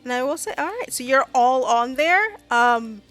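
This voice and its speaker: A woman's voice: high-pitched, lively intonation, normal speed, fairly bright tone, soft background music. A woman running a tabletop game as game master, chatty and full of fillers as she narrates.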